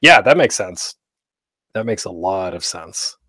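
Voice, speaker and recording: A man's voice: low voice, animated, measured pace, bright, forceful tone, slightly rough, dry recording. Chatty man hosting a panel, dry sound. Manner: chatty, with many fillers. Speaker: convention panel host. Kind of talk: casual live-streamed workshop talk.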